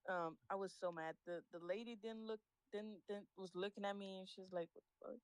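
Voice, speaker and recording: A woman's voice: medium pitch, normal speed, clear, resonant tone, no echo, rough recording. Heated, foul-mouthed woman telling a story. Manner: heated, profane, animated storytelling. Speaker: stream guest. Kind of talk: casual chat, storytelling. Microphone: voice call.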